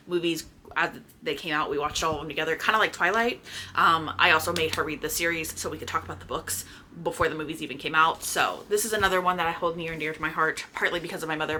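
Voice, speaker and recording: A woman chatting casually to her viewers about books she has read, gushing with excitement and swearing freely. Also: fairly low pitch, slight background noise. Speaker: book vlogger. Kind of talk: casual chatty book review.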